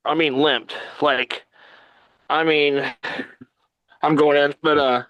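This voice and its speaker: A man telling a long story as a podcast guest, animated, loudly acting out what others said. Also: fairly high pitch, slow pace, lo-fi sound. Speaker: guest wrestler.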